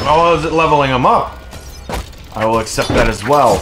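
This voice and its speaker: A man playing a video game and commenting as he goes, excitable, yelling and swearing at his units. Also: unhurried, long pauses, music in the background. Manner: reads in-game text aloud in a low, quiet voice. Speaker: let's play gamer.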